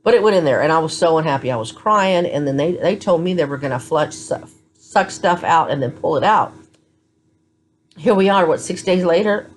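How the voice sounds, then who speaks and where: A woman with a low voice chats to her phone camera from a hospital room. She sounds tired. She tells her story bluntly and candidly, like a vlogger keeping it real. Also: animated, moderate pace. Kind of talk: casual chat to camera.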